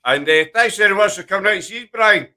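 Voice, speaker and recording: Scottish male host, bright and slightly high-pitched, chatty and jokey. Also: expressive, fast. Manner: chatty, joking, self-deprecating. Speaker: podcast host. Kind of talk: casual chat.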